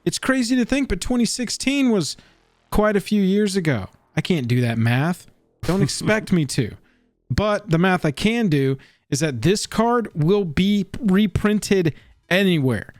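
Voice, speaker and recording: A man co-hosting a casual chat about card prices, animated and joking in his asides. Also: sits high, a little slow, no echo, faint music behind. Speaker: co-host.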